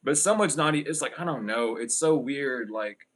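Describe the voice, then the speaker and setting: Male tarot reader for a live stream, mid-pitched, loose and rambling, blunt, filler-heavy delivery. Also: lively intonation, moderate pace. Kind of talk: casual livestream tarot reading.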